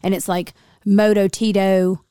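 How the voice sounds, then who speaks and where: Female co-host, chatty and filler-heavy, dry close sound, mid pitch. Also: level tone, unhurried, mellow, smooth, dry recording. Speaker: podcast co-host. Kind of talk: casual podcast chat.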